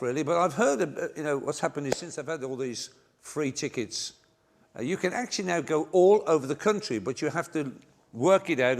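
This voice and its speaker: An older man, preaching a sermon to a congregation in a church, telling self-mocking funny stories. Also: mid-range voice. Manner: anecdotal, self-mocking, jokey delivery. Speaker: pastor. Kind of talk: humorous sermon storytelling. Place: large church before a congregation.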